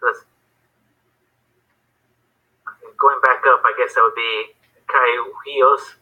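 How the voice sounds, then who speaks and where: A man taking part in a class as a student, reading words aloud slowly and unsure of himself. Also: mid-range voice, level tone, pushed and bright, slightly rough. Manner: slow and halting, unsure. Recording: tinny phone-like line.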